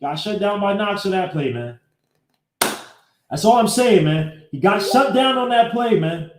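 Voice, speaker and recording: A man hosting a casual live-streamed sports podcast, breaking down game clips and greeting viewers by name in an animated way. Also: high-pitched, unhurried, noisy background. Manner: talks while fumbling with his computer. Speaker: podcast host. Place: home setup, live streaming. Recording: echoey room.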